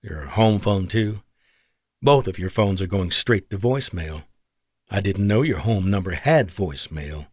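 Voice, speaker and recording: Brief: man reading tough, teasing female fighter pilot, animated delivery, dry audiobook read. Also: low voice, unhurried, breathy edge, dry recording, pitched below the performer's own voice, exaggerated voice. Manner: playful, teasing. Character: woman fighter pilot, fiercely independent, teasing.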